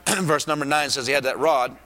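A man preaching a sermon with fervor, crying out in praise and rising to shouts to drive points home. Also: mid-range voice, steady tone, normal speed. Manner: fervent, with exclamations of praise.

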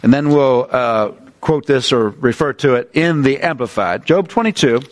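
A man preaching a sermon, animated, climbing in pitch on his points and chatting loosely between scripture readings. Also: normal speed. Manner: animated preaching, rising pitch on emphasis, asides and restarts.

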